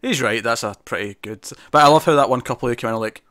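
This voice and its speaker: A man co-hosting a TV review show, chatting casually in a quick, animated way with frequent restarts. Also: mid-range voice, no echo, studio quality. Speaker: TV review podcast co-host. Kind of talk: casual chat.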